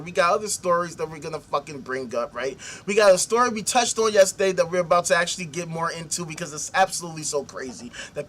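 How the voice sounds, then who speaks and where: Animated, profane man with a high, bright voice. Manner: animated, sarcastic, swears heavily. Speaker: podcast host. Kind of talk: profane commentary reading a news article.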